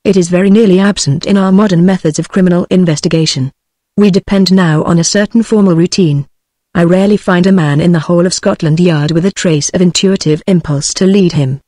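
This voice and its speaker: A text-to-speech voice reading a reflective English police gentleman in an audiobook, with no character voice. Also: mid-range voice, fairly quick, no echo, studio quality, natural voice. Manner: even synthetic reading, no character voice.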